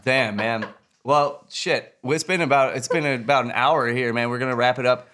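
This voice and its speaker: A man's voice: mid-range voice, moderate pace, pushed and bright. A man co-hosting a casual podcast, laid-back and wrapping up the show. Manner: laid-back, short reactions. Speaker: podcast host.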